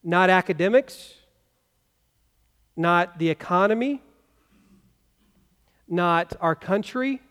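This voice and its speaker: A man's voice: high-pitched, expressive, extremely slow, long pauses, fairly bright tone, clean tone. A man preaching a sermon as pastor, talking conversationally and asking the congregation rhetorical questions. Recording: long reverb of a church hall.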